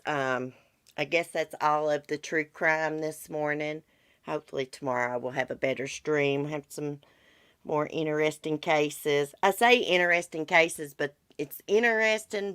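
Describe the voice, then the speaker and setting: Talking true crime with her live viewers, this livestream host, a congested middle-aged woman, is blunt and chatty. Her low voice has a fairly bright, smooth tone, and the recording is dry and studio-clean.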